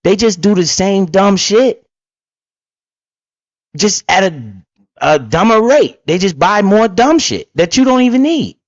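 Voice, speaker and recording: A man's voice: high voice, sing-song, unhurried, pauses often, dry recording, highs cut off. A man giving blunt, profane, casual commentary while reacting to an interview, full of asides and storytelling.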